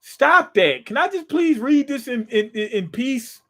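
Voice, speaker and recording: Slow, rambling high-voiced man. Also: sing-song, a bit bright. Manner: rambling, full of fillers and restarts, jokey asides. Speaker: manga reaction channel host. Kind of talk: casual live reading reaction.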